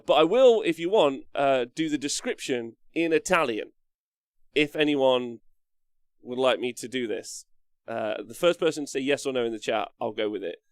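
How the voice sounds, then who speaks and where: A man's voice: medium pitch, gravelly, dry recording, clean studio sound. A man hosting a live stream, chatting upbeat and thanking viewers by name. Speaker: wargaming stream host.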